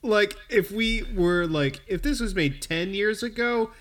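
A man's voice: sits high, a bit bright. A man co-hosting a casual podcast chat, agreeing readily and riffing with chuckles. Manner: agreeable, chuckling, quick to riff. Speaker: podcast co-host.

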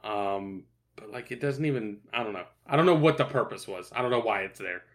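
A man's voice: lowish voice, expressive, a little fast. A young man in casual podcast chat, laid-back and swearing often, with lots of fillers and restarts. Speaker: podcast co-host.

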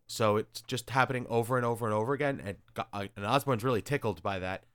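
A man hosting a casual chat, retelling stories in an animated, sarcastic way with crude asides. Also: mid-range voice, fast talker, clear, resonant tone, dry recording. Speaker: podcast host reviewing comics.

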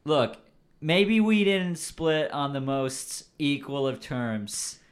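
A man's voice: fairly high pitch, takes it slowly. A man voicing a laid-back Southern California surfer dude with a surfer accent. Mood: goofy surfer. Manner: laid-back surfer drawl, rising excited. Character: man doing a SoCal surfer dude searching for his ex.

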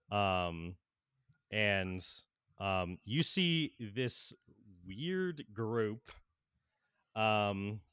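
A man's voice: on the low side, fairly bright tone, clean tone, no room sound, studio quality. A young man narrating an online tabletop game as game master, rambling with many fillers.

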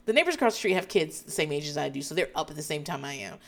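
A woman in her thirties, a mother of four, telling a story in casual chat, animated and quick to swear and laugh. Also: deep voice, creaky.

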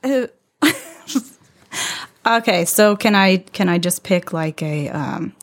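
A woman chatting as a podcast guest, hesitant with fillers and quick to giggle. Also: medium pitch, animated. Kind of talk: casual chat.

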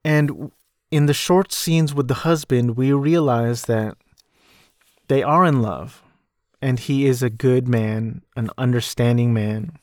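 Podcast host, male, young adult, rambling film recap, self-deprecating, mid-pitched, dry close mic. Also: slow, darkish tone, no room sound. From United States. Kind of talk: casual film recap monologue.

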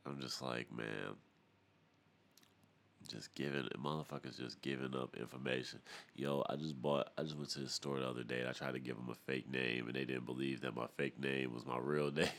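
Young male podcast host, booming low voice, loose profane rambling monologue. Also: gravelly. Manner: profane, animated ranting with laughs. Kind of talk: casual solo podcast rant.

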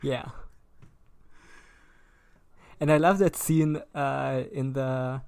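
A male podcast guest chatting about a movie, hesitant and halting. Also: medium pitch, steady tone, creaky, darkish tone, clean tone. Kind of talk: casual movie chat.

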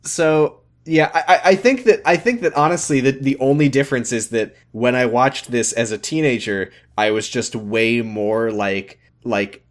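A man's voice: normal speed, few pauses. A man co-hosting a podcast, chatting casually about a TV episode and acting out characters in mocking voices. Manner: animated, acts out characters with high mocking voices. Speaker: podcast co-host. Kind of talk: casual chat recapping a TV episode.

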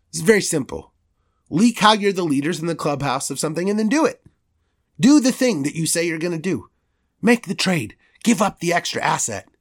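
A man's voice: a little high, slightly rough. A man hosting a sports podcast, delivering a heated, profane rant with strong emphasis.

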